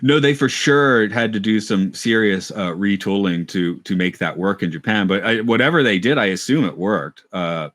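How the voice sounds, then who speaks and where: A man's voice: on the low side, normal speed, few pauses, a bit bright, dry recording, studio quality. A man in a casual podcast chat who rambles, restarts his thoughts and thinks aloud. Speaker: podcast co-host. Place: lives in Japan.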